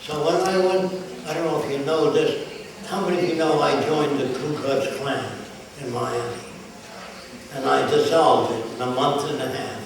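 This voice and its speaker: A man's voice: a little high, fairly even intonation, normal speed, a crowd in the background. An older man giving a blunt public lecture full of anecdotes, acting out the voices he quotes. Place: large lecture hall. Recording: echoey hall from far off, noisy.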